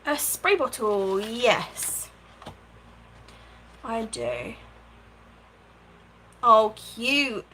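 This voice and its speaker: A woman's voice: on the high side, creaky, fairly bright tone, a little hiss or hum, poor audio. A woman hosting a casual craft livestream from her home craft room, chatting, thinking aloud and thanking viewers by name. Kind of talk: casual live-stream chat while crafting.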